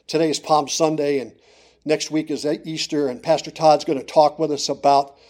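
A middle-aged male preacher with a voice pitched a little above the usual man's. He tells the story in a hushed, close tone. Then he climbs into loud, emphatic declarations. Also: flat delivery, normal speed. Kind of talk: sermon.

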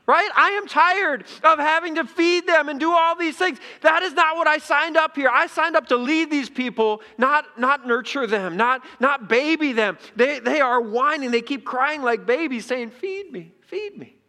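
A man's voice: very high voice, wildly swooping pitch, slow, a little mellow, voice pushed up, heavily acted. A man voicing an exasperated old male prophet who is worn out by a complaining crowd, in whiny, pleading outbursts. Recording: echoey hall.

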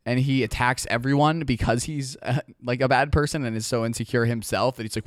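A man drops wry, teasing remarks into a comedy podcast chat. His voice sits at a middle pitch. The recording is close and dry, without echo. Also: fairly even intonation, a little fast, hardly any pauses. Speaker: podcast co-host.

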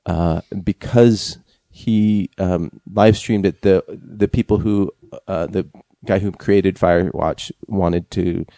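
A man co-hosting a casual podcast, talking haltingly with lots of fillers and restarts. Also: sits low, steady tone, gravelly, mellow, no echo. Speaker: podcast co-host.

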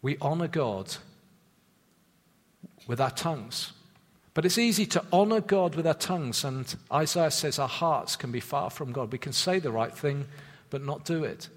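Male preacher, high-pitched, earnest and measured sermon delivery, long church-hall reverb. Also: animated. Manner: earnest, measured, drops low for emphasis; repeats words when restarting a thought.

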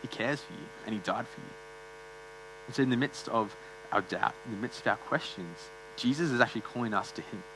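A man's voice: fairly low pitch, fairly quick, background noise. A man preaching a sermon in a church, earnest and conversational, with frequent fillers and restarts.

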